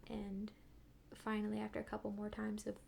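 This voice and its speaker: A woman guest recounts events in a loose, chatty way, her voice often sliding into a gravelly fry. She gets animated and now and then drops to a hushed whisper. Her pitch sits in an ordinary middle range, with a faint hum of noise behind her. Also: normal speed. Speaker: podcast guest, midwifery student. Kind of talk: casual storytelling.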